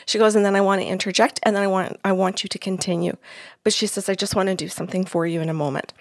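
A woman's voice: medium pitch, level tone, quick pace, gravelly, dry recording, studio quality. A woman psychic medium telling the story of a reading in casual chat, acting out each side of the talk in quotes. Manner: retells a reading in quoted dialogue.

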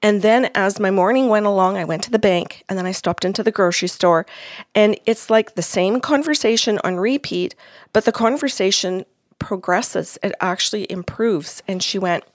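A woman's voice: medium pitch, moderate pace, no echo, clean studio sound. A woman psychic medium telling the story of a reading in casual chat, acting out each side of the talk in quotes. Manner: retells a reading in quoted dialogue.

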